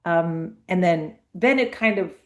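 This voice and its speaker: Middle-aged woman comic, kinda low voice, telling stories and doing little voices for people. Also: a little slow. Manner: animated anecdotes, acting out quoted voices. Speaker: comedian guest. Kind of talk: casual interview storytelling.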